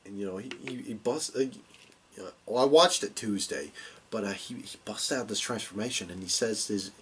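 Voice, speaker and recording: A man's voice: lowish voice, moderate pace, fairly bright tone, slight background noise. A man hosting a casual wrestling review show, rambling and swearing with lots of fillers. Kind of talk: casual chat.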